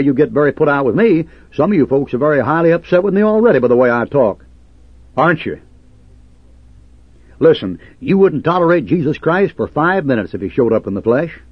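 A man's voice: a little high, breathy edge, dry recording, muffled recording. A man preaching a fiery, combative sermon, sarcastic and quoting scripture in old King James cadence.

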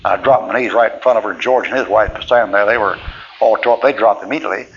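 Folksy preacher on old tape. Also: male voice, lowish voice, quick pace, a bit bright. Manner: folksy, chuckling, plainspoken. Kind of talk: folksy sermon storytelling. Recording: dull lo-fi tape with faint hiss.

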